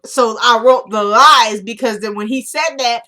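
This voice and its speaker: A woman casually recapping a TV episode, retelling scenes line by line and chatting excitedly with viewers. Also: on the high side, normal speed. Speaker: TV episode reviewer. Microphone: camera microphone.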